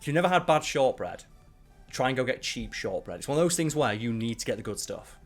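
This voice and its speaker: Male host, casual stream chat, rambling and sweary, mid-pitched. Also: lively intonation, brisk, faint music behind. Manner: rambling, profane and opinionated. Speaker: channel host ranking biscuits.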